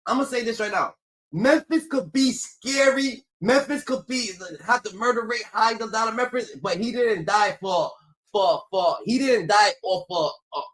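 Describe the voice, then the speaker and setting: A man with a high-pitched voice rants with big energy, jumping from loud bursts to low muttering. He keeps repeating his catchphrase in a loose, comedic streaming style. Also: rough recording. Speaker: commentary streamer.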